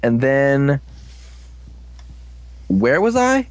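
A man's voice: mid-range voice, big pitch swings, very slow, no room sound, rough recording. Young man, casual recap, rambling, jokey, keeps losing track. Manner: rambling, jokey, loses his place.

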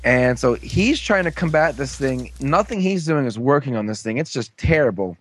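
A man casually recapping a TV episode, rambling with lots of "like"s and quick asides. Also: mid-range voice, lively intonation. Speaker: show recapper.

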